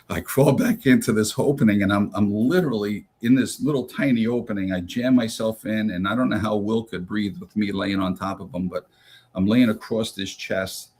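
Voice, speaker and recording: A man's voice: deep voice, slightly rough. A retired rescue officer, a man, telling a first-hand story with many fillers and restarts, acting out what others said. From United States.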